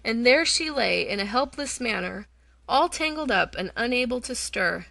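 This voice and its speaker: A woman narrating a children's fantasy audiobook in a measured, expressive storytelling manner. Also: a little high, creaky, dry recording.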